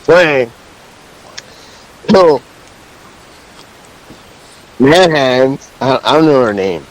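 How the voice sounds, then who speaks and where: A young man in casual chat, telling crude stories with an excitable, laughing delivery. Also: medium pitch, slow, rough recording.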